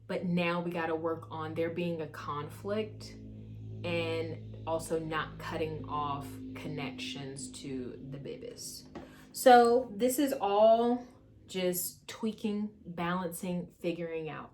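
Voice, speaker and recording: A lower-voiced woman doing a loose, rambling tarot reading at home, full of fillers, asides and the odd curse. A faint hiss sits behind her voice. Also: takes it slowly, darkish tone. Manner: rambling, swears, fillers, talks to spirits. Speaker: tarot reader. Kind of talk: casual channeled tarot reading. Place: home with washer running.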